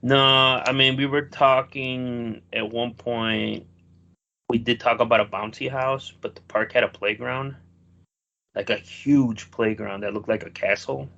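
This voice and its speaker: A man co-hosts a podcast in a relaxed, rambling way, swearing as he tells his story. His voice has a gravelly, fry-heavy edge at a middling pitch. The audio is dull and lo-fi. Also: a little slow. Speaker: podcast co-host. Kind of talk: casual chat.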